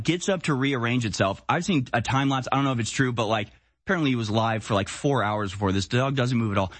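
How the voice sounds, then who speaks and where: A man's voice: mid-range voice, slightly rough, no room sound. A man hosting a live-stream political commentary show, talking bluntly and heatedly in a casual way.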